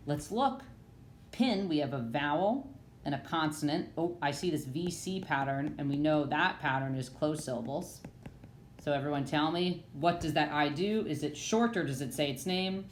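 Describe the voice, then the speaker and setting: A woman teaching a phonics lesson to children, with an animated, sing-song delivery. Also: low voice, moderate pace, a little hiss or hum. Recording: echoey room with faint ambience.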